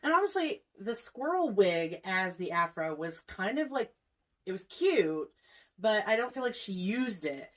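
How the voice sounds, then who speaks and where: A woman's voice: mid-range voice, very animated, unhurried, rough recording. A woman hosting a casual review chat, recapping scenes and laughing easily. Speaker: host.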